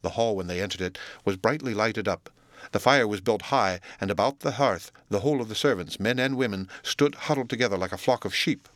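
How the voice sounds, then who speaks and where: A man narrating a classic novel as an audiobook, in a steady, measured storytelling voice. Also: fairly low pitch, no echo, clean studio sound. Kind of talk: scripted narration.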